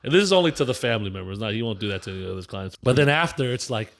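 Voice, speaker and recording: Laughing, animated man telling stories. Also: fairly low pitch, very fast, creaky, hardly any pauses. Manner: animated storyteller, laughs often, swears. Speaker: podcast co-host. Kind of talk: casual chat.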